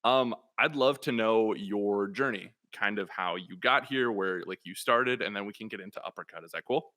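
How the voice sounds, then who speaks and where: A man's voice: fairly low pitch, normal speed, pushed and bright. A man hosting a casual video game podcast in an easygoing, lightly joking way. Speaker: podcast host.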